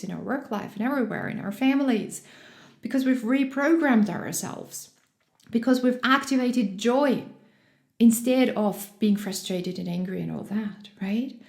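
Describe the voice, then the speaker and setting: A woman's voice: fairly high pitch, darkish tone. A woman coach giving a motivational talk, cheerful and laughing often, recorded in an echoey room. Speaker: joy and fitness coach.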